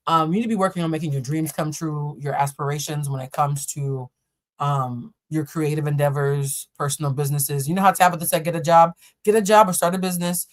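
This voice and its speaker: A woman hosting a live-stream tarot reading on a laptop setup, talking casually with viewers, laughing and joking and swearing freely. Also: low voice. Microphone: laptop or camera setup.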